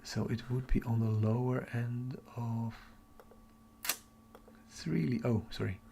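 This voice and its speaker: Gravelly excited man thinking aloud. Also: medium pitch, measured pace, background noise. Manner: excited, thinking aloud, drops to a whisper at times. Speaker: astronomy livestream host. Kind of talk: live-streamed casual chat. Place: home at night.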